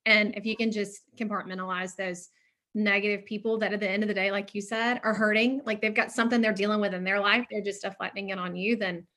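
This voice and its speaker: A woman's voice: medium pitch, little pitch movement, fast talker, pushed and bright. A woman hosting a podcast who backs up her guest and asks interview questions. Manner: affirming, supportive. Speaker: podcast host.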